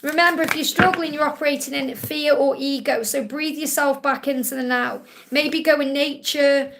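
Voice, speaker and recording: A woman from England with a Stoke-on-Trent accent and a high voice. She gives a live-streamed card reading in a soothing, reassuring way and calls her viewers honey. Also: fairly even intonation, normal speed, creaky, noisy background. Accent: Stoke-on-Trent English. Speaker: psychic reader.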